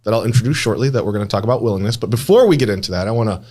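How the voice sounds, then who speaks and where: A man's voice: on the low side, lively intonation, very fast, a little mellow. A man hosting a recovery podcast, joking and playful as he introduces his guests in casual chat. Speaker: podcast host.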